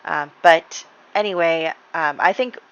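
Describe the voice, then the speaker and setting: A woman's voice: low-pitched, measured pace, fairly bright tone, clear, resonant tone, dull audio. A woman giving casual, rambling gameplay commentary, chatty, with lots of ums and light laughs. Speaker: gaming channel host.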